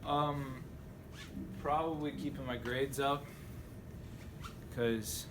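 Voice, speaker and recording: A teenage boy talks through a school video diary, hesitant and mumbling and padding his answers with ums. His voice sits at an ordinary pitch for a young man. The recording carries a steady noisy hiss behind him. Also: very slow. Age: teens. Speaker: high school student. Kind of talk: self-interview video diary.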